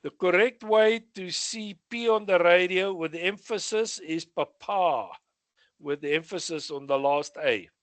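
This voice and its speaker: Here a man's fairly high, slightly bright voice, captured in a dry recording, leads an exam revision lesson. With a South African accent, he reads radio exam questions and answers them, adding short asides.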